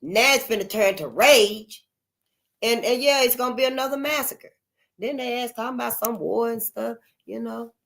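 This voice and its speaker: A woman's voice: fairly high pitch, normal speed, creaky, fairly bright tone. An older woman hosting her channel in a casual, unscripted monologue, emphatic and repetitive, calling her listeners honey. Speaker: channel host.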